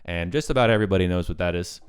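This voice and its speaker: A man's voice: low-pitched, very fast, clean tone, no echo, studio quality. A man co-hosting a casual film review podcast, laid-back and swearing freely, with plenty of fillers. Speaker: podcast co-host.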